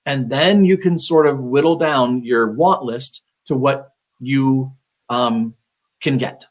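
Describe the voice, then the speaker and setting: A real estate agent, a man with a medium-pitched, slow voice, gives casual advice on a live stream. He speaks conversationally, with lots of fillers and restarts.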